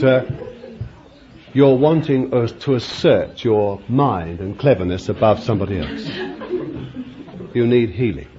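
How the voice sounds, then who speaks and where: A man's voice: mid-range voice, a little slow, long pauses, crowd noise. An older man preaching a sermon, emphatic and chuckling often, repeating his phrases. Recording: dull lo-fi recording with faint background noise.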